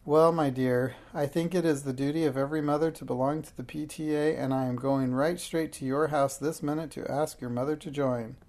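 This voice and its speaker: A reader voicing a large, commanding lady who heads the parents' association, in a storybook read aloud, with a gravelly, mellow voice. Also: mid-range voice, steady tone, a little fast, few pauses, close to an everyday voice. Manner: commanding, forceful, officious.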